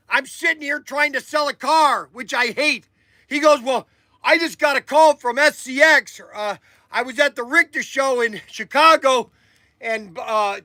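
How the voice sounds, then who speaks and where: High bright-voiced older man telling stories. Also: dry recording, clean studio sound. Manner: rambling, emphatic, repeats himself. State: emotional, voice breaking at times. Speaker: podcast host. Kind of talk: casual storytelling.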